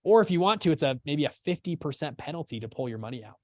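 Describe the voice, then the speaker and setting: A man's voice: on the high side, lively intonation, fast talker, no echo, clean studio sound. A man hosting a live teaching session, casual and upbeat, often checking that listeners follow along. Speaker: course host.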